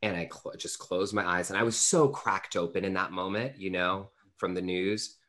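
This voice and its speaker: A man's voice: low voice, normal speed, fairly bright tone. A man in his thirties, an interview guest telling a personal story earnestly, with lots of fillers. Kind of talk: storytelling in conversation.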